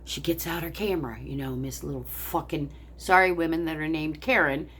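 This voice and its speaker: A woman's voice: low voice, moderate pace, a bit bright, a little hiss or hum. Older woman ranting, full of profanity. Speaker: vlogger. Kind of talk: angry personal storytelling.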